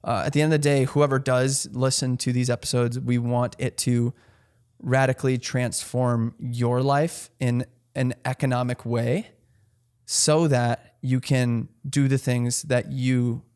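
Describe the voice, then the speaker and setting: A man's voice: mid-range voice, flat delivery, a little slow, a little mellow, clear, resonant tone. A man co-hosting a podcast, talking earnestly in a casual, rambling way with many restarts. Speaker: podcast co-host.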